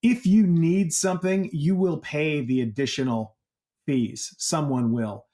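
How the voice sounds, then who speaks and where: A man's voice: fairly high pitch, a little slow, mellow. A man speaking as an industry analyst in an interview, conversational and emphatic, with many fillers. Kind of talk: interview answers.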